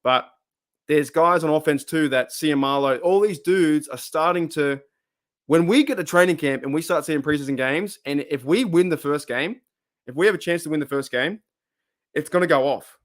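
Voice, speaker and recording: Aussie bloke hyped on a sports podcast, kinda high voice, rambles a lot. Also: male voice, moderate pace. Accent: Australian. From Australia. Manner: fired-up, rambling, reads chat comments aloud. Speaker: podcast host. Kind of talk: excited live-stream sports chat.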